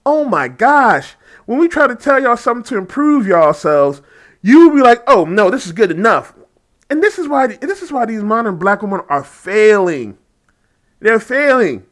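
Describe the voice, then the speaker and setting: A man's voice: very high-pitched, very animated, normal speed, fairly bright tone. A man giving casual reaction commentary on a video, mocking and laughing often, with frequent swearing.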